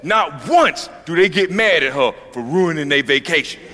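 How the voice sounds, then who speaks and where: High, lively male comedian in a hall. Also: moderate pace. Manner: profane, mocking, acts out characters. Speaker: stand-up comedian. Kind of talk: stand-up comedy routine. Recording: long reverb of a hall, faint noise.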